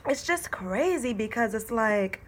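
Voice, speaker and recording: A woman's voice: fairly high pitch, expressive, measured pace, a little hiss or hum. A young woman, chatting on her vlog and reading her own poems aloud in a heartfelt, emotional way, calling her viewers y'all. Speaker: vlogger.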